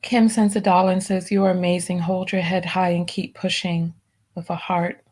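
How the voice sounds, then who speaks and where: A woman hosting a live stream, reading out viewer donation messages and softly thanking each one. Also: fairly low pitch, level tone, moderate pace. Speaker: livestream host.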